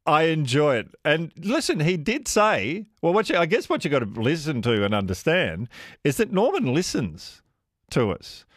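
A man with a rather high, fairly bright voice hosts talkback radio, very animated at a normal pace as he chats warmly and casually with callers and laughs often. The studio recording is dry and clean.

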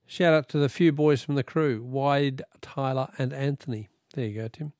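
A man's voice: medium pitch, normal speed, a little mellow, no echo, clean studio sound. A man with an Australian accent hosting a radio call-in quiz, upbeat and bantering.

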